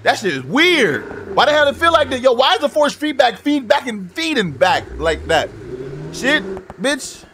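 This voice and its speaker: Excitable man yelling over a racing game. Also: extremely high pitch, normal speed. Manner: excitable, profane outbursts at the game. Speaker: gaming YouTuber. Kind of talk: casual gameplay commentary. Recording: noisy game audio under voice. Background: driving game engine and traffic sounds.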